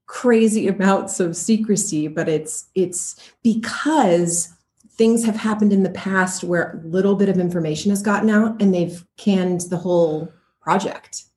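A middle-aged woman, a voice actor, chatting casually in an interview with frequent laughs and quick asides. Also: medium pitch, a little mellow. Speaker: voice and motion capture actor, guest.

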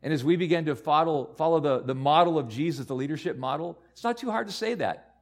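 A man preaching a sermon as pastor, earnest and repeating himself, building to loud emphatic peaks. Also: a little high, lively intonation, fast.

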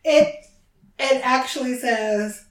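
A woman co-hosting a podcast, chatting casually and reading book passages aloud, animated and laughing often. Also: high voice, slow. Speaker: podcast co-host. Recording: roomy echo.

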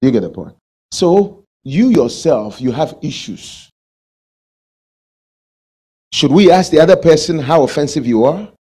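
A man's voice: a little high, lively intonation, a little slow, long pauses, warm tone, slightly rough. A male pastor preaching a sermon, asking the congregation questions and acting out everyday quarrels.

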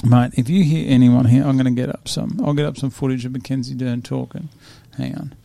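A man's voice: mid-range voice, steady tone, fairly quick, creaky, dark tone, no echo. A man, chatting casually and laughing often as he previews fights with his young son. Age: 40s. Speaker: podcast host previewing fights. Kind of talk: casual chat.

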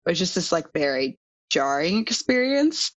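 A woman's voice: fairly low pitch, sing-song, normal speed, dry recording. A young woman telling a story in casual chat, full of "like" fillers. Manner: chatty, frequent "like" fillers. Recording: dull, dry sound.

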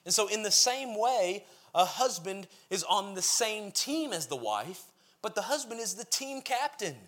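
A man's voice: high voice, very animated, a little slow, a bit bright. A man preaching a sermon, reading scripture aloud and then explaining it in an earnest, emphatic way, building his points as lists.

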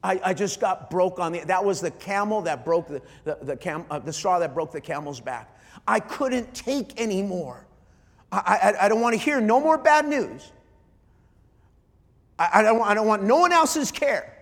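A middle-aged man, a pastor, preaching an emotional sermon, often halting and repeating his starts. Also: high-pitched, lively intonation, a bit bright, long reverb tail. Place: large church hall.

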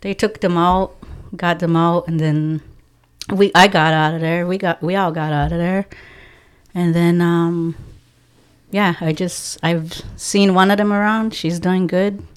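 A woman with a low, smooth and resonant voice tells a story in relaxed podcast talk. She is animated, slips into the voices of the people she quotes, and laughs now and then. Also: a little slow. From from a First Nations reserve community. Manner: animated storyteller acting out dialogue, laughing often. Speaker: guest, community outreach organizer.

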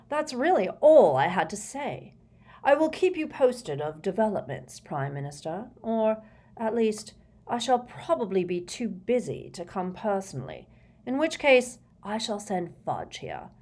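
A woman voicing a cold, brisk male wizard minister who speaks curtly and matter-of-factly. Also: high-pitched, sing-song, voice pushed up, exaggerated voice. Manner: curt, cold, matter-of-fact.

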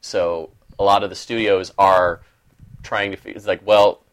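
A man co-hosting a podcast in casual chat, chiming in with quick agreement and repeating words as he starts sentences. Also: low voice, little pitch movement, a bit bright. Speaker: podcast co-host.

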